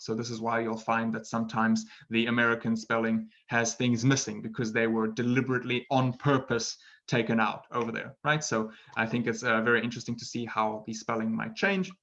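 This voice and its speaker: A man's voice: mid-range voice, fairly bright tone, highs cut off. A man teaching a casual live online English lesson, encouraging and often checking in with "right?". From Britain.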